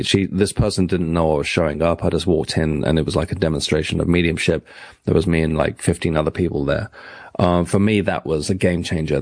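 A man's voice: low voice, a little mellow, no echo. A man with an English accent, a guest author on a radio show, talking reflectively with chuckles and frequent restarts. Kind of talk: radio interview.

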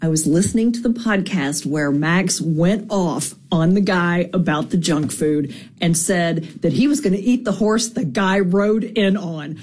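A woman, a nurse, calling in to a talk show to tell an excited story. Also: fairly low pitch, husky. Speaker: caller, a nurse. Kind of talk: excited voice message.

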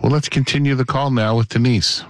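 A man hosting a radio call-in show, quickly giving contact details before returning to a caller. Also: medium pitch, steady tone, no echo. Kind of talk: radio announcement.

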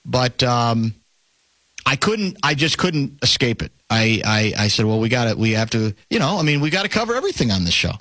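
Animated male talk radio host. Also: medium pitch, normal speed, no echo. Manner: animated, rambling, self-interrupting.

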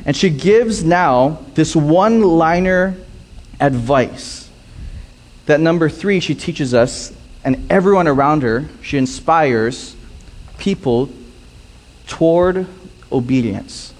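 Man preaching a sermon, slightly high voice. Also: lively intonation, darkish tone. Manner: repeats key lines slowly for emphasis. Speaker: pastor.

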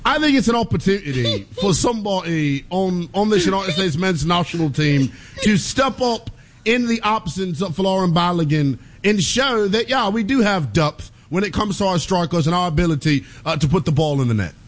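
Male co-host, bouncy high voice, animated takes, sports talk. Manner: animated, quick opinions, laughs easily. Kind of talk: sports talk radio banter.

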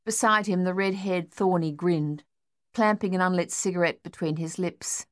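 A woman reads an audiobook in a steady, measured way. Her voice sits fairly low. The recording is dry and close, with no room sound. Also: no echo. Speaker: audiobook narrator. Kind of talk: scripted narration.

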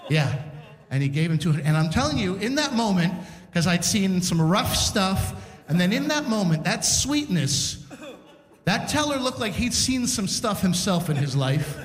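A male stand-up comic telling an animated story on stage and acting out the people in it. His voice is fairly high, and the room gives it a long, ringing hall reverb. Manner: animated, acts out scenes. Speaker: stand-up comedian. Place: community center stage.

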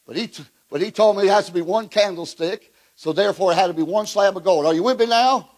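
A man preaching a fiery revival sermon at a conference, calling out to the crowd and shouting at his peaks. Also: sits high, quick pace. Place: conference hall.

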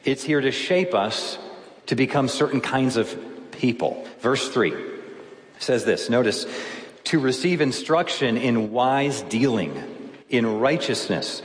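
A male pastor delivering a sermon, explaining scripture patiently and posing questions to his listeners. His voice sits at an ordinary middle pitch. It carries through a large hall with a long, echoing reverb. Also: animated, slow. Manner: teaching, explaining verses step by step with rhetorical questions.

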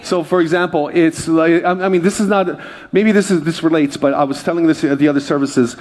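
A man's voice: a little high, fairly even intonation, brisk, darkish tone, big-room sound. A pastor from Hawaii preaching a sermon, joking with the congregation in a conversational way and often restarting his sentences. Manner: jokey, conversational, with frequent restarts. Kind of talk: sermon with storytelling. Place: church service before a congregation.

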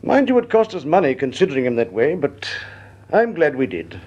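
A man's voice: fairly high pitch, very animated, fairly quick, a little mellow. An actor playing a genial, bumbling older company chairman in a vintage radio drama, flustered and hesitant. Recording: dull lo-fi old radio recording.

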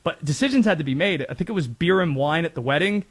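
A man's voice: on the high side, fast talker, breathy edge. A man from North Carolina hosting a casual sports talk show, joking and telling stories. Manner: animated, jokey, quotes and impressions. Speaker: sports radio host.

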